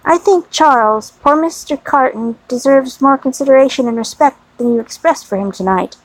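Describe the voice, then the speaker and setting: A woman reading the part of a gentle, devoted young wife who speaks with tender earnestness. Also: sits high, normal speed, no room sound, rough recording.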